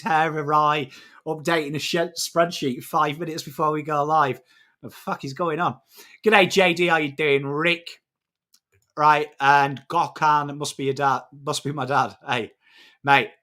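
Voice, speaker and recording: An English man hosting a live footy stream, chatting matily with viewers and breaking down trades, swearing now and then. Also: on the high side. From England. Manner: matey, excitable, swears freely, greets chat by name. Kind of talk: casual live-stream chat and trade analysis.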